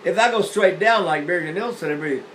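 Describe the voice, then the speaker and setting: An older man teaching singing, explaining breathing with lively demonstrations, often repeating and restarting phrases. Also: high voice, fairly quick, a little hiss or hum, rough recording. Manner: animated, illustrating points with sung demonstrations. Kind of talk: demonstrative vocal lesson.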